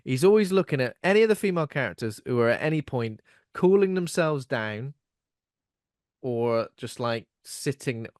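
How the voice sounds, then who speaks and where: A man's voice: mid-range voice, lively intonation, normal speed, no echo, studio quality. A man co-hosting a podcast in casual chat, rambling and self-mocking, laughing often. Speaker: podcast co-host.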